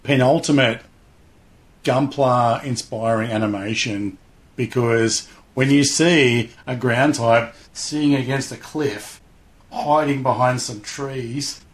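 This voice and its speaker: A middle-aged man in relaxed interview conversation. He rambles with enthusiasm, slipping into quick impressions of other people, and his pitch sits squarely in the middle range. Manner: rambling, enthusiastic, acts out voices. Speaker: guest, hobby show host. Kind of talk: casual interview chat.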